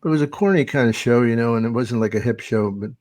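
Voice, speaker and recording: A man's voice: mid-range voice, quick pace, a little mellow, no room sound. An older man, a veteran comedian, telling rambling show-business stories in a casual podcast chat, swearing freely and acting out quotes. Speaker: veteran stand-up comedian, guest of honor.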